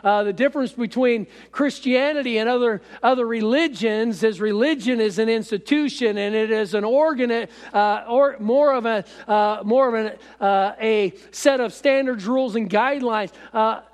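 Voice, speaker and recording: Pastor, male, high voice, halting delivery full of fillers, recorded in an echoey hall. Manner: halting, with many fillers and repeated phrases. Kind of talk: sermon.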